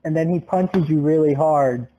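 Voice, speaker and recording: Playful high-voiced young guy. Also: moderate pace, a crowd in the background, low-quality recording. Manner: playful, teasing storyteller who laughs often. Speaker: podcast co-host. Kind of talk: casual chat.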